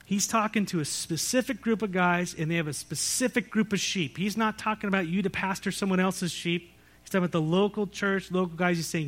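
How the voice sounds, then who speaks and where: Conversational preaching man, slightly high voice. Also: brisk, a bit bright. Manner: conversational preaching with rhetorical questions and jokes. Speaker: pastor. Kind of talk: sermon. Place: church sanctuary.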